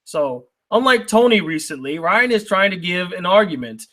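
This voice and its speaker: Young male critic, high voice, heated indignant rant with rhetorical questions. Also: big pitch swings, moderate pace, fairly bright tone. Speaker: YouTube critic reading viewer mail. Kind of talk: heated ranting commentary.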